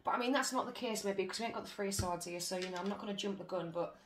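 A woman's voice: medium pitch, very fast. Sweary British woman reading tarot. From Britain. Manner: blunt and sweary, chatty. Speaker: tarot reader. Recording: roomy with faint noise.

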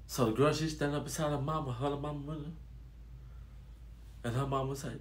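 Animated man telling a story, higher voice. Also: fairly quick, long pauses. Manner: animated, addresses listeners as y'all. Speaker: storytelling vlogger. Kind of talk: casual storytelling to viewers.

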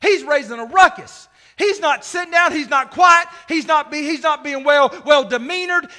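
A male pastor preaching a sermon, swinging from shouts to hushed asides. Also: very high-pitched, normal speed, hardly any pauses.

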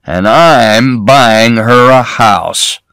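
A man voicing a loud, greedy old businessman in a cowboy hat, bragging slowly. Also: medium pitch, smooth, no echo. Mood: boastful. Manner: boastful, slow and raised.

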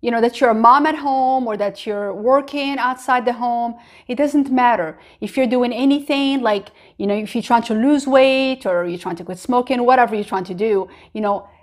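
A woman's voice: on the high side, moderate pace, few pauses. A woman in her thirties giving an encouraging faith-based self-help talk to camera, earnest and full of "you know" asides. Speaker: vlogger.

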